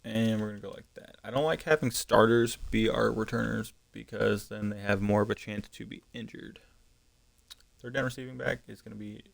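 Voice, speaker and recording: A man with a gravelly, slightly low voice talks casually through a live stream. He thinks out loud, pausing on ums and correcting himself as he goes. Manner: thinking aloud, frequent ums and self-corrections. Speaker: gaming streamer.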